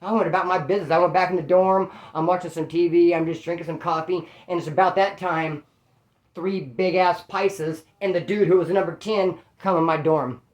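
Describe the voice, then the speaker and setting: A man with a high voice describes prison life a little fast, his words echoing in a reverberant space. He keeps it casual and slangy like street talk, stays animated, and acts out the voices of the people involved.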